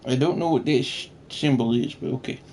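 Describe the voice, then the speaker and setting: A man's voice: mid-range voice, moderate pace, heavy background noise. A man giving casual, rambling gameplay commentary, swearing freely and laughing often. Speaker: gamer, channel host.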